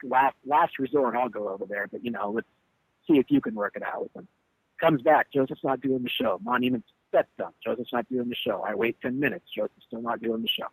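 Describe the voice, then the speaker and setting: A man's voice: mid-range voice, creaky, no room sound, low-quality recording. A man telling a heated, profane story about a bandmate who walked out on a show, and acting out the quotes. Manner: animated, profane, acts out quotes. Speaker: band leader telling a tour story. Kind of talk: candid interview storytelling.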